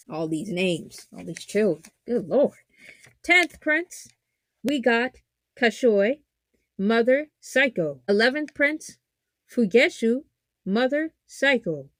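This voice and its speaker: A woman hosting a casual anime analysis podcast, joking and animated, swinging from loud exclamations to low muttered asides. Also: dry recording, clean studio sound. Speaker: podcast host.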